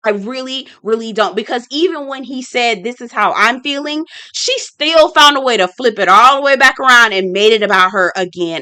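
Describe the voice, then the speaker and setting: A woman's voice: a little high, normal speed, pushed and bright, clean tone, no room sound, clean studio sound. A woman hosting a casual reality-show review vlog, blunt and sassy, talking straight to her viewers and repeating her points for emphasis. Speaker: reality TV recap host.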